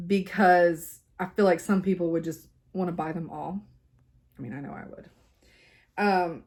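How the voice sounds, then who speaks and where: A woman, chatting casually as a cross-stitch vlogger at her home craft desk, rambling with lots of fillers and laughs. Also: mid-range voice.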